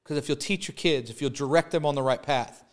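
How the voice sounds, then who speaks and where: Emphatic preaching man, slightly high voice. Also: a little fast. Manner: preaching with rising emphatic repetition; holds up an arrow as a prop. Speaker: pastor. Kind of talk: sermon.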